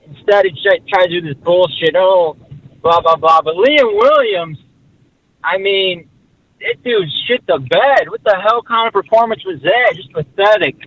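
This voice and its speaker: A man's voice: high voice, moderate pace, a bit bright. A man calling into a show, ranting bluntly and mocking other people in a put-on voice. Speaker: caller. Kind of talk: ranting phone call. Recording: muffled phone line.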